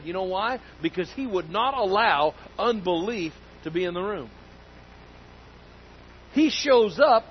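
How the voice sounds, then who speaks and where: A man delivers a sermon in a high, bright-edged voice, emphatic and folksy, hammering his points by repeating them. The recording is slightly muffled, with a faint low rumble underneath. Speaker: pastor.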